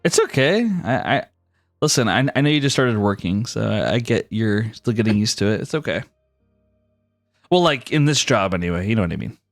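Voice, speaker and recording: A man's voice: lowish voice, lively intonation, a little fast, soft background music. A young man narrating as game master in loose casual speech full of fillers.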